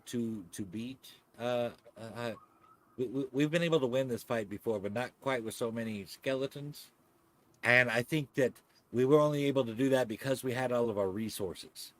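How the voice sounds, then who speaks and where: A man playing a tabletop game, talking strategy in a halting way, repeating words as he thinks. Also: mid-range voice, fairly bright tone, no echo. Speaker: player. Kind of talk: casual chat in a tabletop game.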